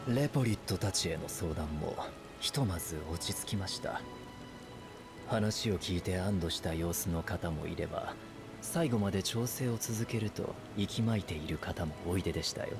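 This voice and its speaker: A composed young scholar in a fantasy game, his voice very deep and his delivery quick and polite. He gives a formal report, and game music plays clearly behind him.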